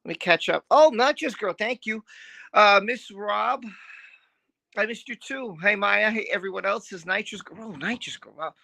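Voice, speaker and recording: A woman's voice: mid-range voice, normal speed, creaky, bright, forceful tone. A middle-aged woman hosting a live stream in casual chat, greeting viewers by name in a chatty, scattered way.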